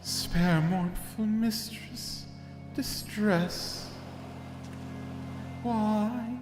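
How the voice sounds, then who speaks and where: A luring, sorrowful siren read by a man, drawn out slowly over faint game music. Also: high voice, echoey room, in a large hall, pitched above the performer's own voice. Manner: slow, drawn-out, dreamy delivery. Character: mournful female sea siren, luring and sorrowful. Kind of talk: reading game dialogue aloud.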